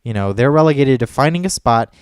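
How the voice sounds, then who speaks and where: A man's voice: medium pitch, lively intonation, a little fast, clean tone, no echo, clean studio sound. A man telling a story in casual chat as a podcast co-host, rambling and profane, full of fillers and restarts.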